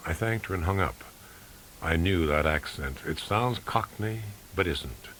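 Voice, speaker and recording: A man reading a first-person novel aloud in a dry, measured, wry way. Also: deep voice, lively intonation, a bit bright. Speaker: audiobook reader. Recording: faint tape hiss.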